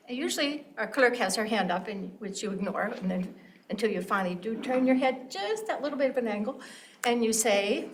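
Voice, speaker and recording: An older woman with a somewhat high voice airs complaints at a township board meeting. She is pointed and pressing, often mimicking others' phrasing to make her case. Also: big pitch swings, a little fast. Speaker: township resident giving public comment. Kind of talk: public comment speech.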